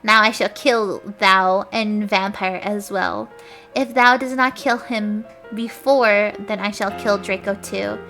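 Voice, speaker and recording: A woman's voice: medium pitch, fairly even intonation, slow, sharp tone, faint music behind. A woman voicing a menacing male villain who speaks in archaic words, reading a fanfic aloud with mock drama.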